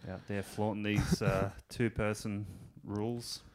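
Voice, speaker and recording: A man's voice: fairly low pitch, flat delivery, a little slow, darkish tone. A man co-hosting a podcast, laid-back and laughing often as he mumbles crude asides. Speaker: podcast co-host. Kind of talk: crude casual banter.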